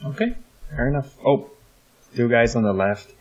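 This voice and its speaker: A man's voice: medium pitch, sing-song, moderate pace, slightly rough, muffled recording. A man co-hosting a let's play in casual, joking chat, swearing offhand and calling out moves. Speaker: gaming co-host.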